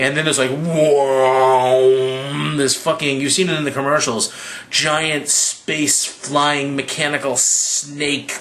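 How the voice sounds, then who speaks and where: A slightly drunk young man recaps a movie slowly and casually, with slight background noise. He swears freely and gets excitable, acting out quotes in a raised, higher voice as a movie reviewer.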